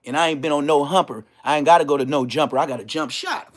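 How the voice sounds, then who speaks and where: A man from Inglewood, telling a slang-heavy story in a casual, animated rant. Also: on the high side, fast. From Inglewood, Los Angeles. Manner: animated, slang-heavy, bursts into loud exclamations.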